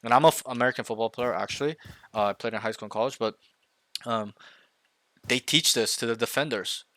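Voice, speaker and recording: A man coaching one student at a game over voice chat speaks at medium pitch, a little fast, in a dry recording. He's emphatic, checks in often with "right?" and acts out loud callouts for the team.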